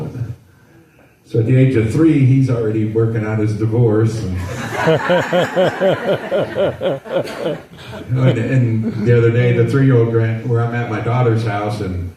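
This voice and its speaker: A man's voice: medium pitch, slow, long pauses, a crowd in the background. A man in his sixties doing a stand-up routine in a dry, rambling storytelling way. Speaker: stand-up comedian. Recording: echoey venue, mic from far off, faint noise.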